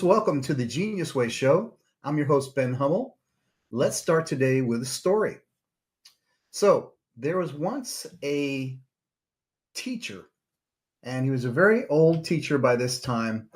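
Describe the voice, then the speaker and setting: A man hosting his own podcast, telling a story in a loose, unscripted way with frequent fillers and restarts. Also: medium pitch. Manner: loose, rambling delivery with many fillers and restarts. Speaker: podcast host; psychotherapist. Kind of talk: storytelling monologue.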